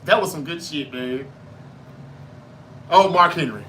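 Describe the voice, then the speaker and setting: A man's voice: on the high side, a little slow, bright, forceful tone. A man from North Mississippi with a Southern Mississippi accent, hosting a casual live sports podcast, reading chat comments aloud and answering them in a loose, chatty way. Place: home in Memphis, Tennessee.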